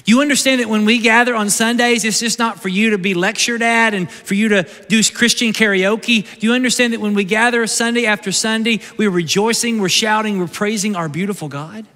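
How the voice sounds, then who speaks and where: A male pastor with a high, steady voice preaches a conversational sermon, moving from loud bursts to hushed, slow lines. It was recorded live in a church sanctuary, with a big-room sound.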